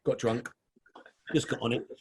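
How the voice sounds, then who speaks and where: A man's voice: mid-range voice, steady tone, moderate pace, husky. A middle-aged man, telling stories as an interview guest in a chatty way. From London. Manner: chatty, calls the host mate. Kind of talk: casual storytelling.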